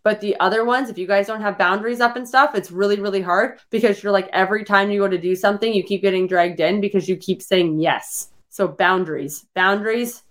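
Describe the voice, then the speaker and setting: A young woman coaching her listeners in a casual, live-streamed motivational podcast. She is blunt and energetic, swears freely, and keeps filling her talk with filler words. Her voice sits at an ordinary middle pitch. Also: fairly quick, hardly any pauses. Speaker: fitness coach and podcast host.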